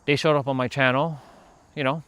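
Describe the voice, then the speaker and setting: A man hosting a casual outdoor livestream, talking in a rambling, animated way and calling out to people passing by. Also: mid-range voice, brisk, smooth. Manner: rambling, animated, calls out to passersby. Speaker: livestream host. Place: outdoors near a park.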